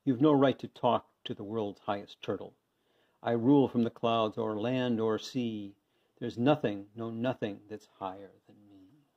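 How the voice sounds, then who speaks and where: A man's voice: medium pitch, steady tone, a little slow, natural voice. A man voicing a pompous, boastful male turtle king who barks his orders, on a dull lo-fi recording. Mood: indignant. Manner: barking, bossy, loud. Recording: dull lo-fi sound.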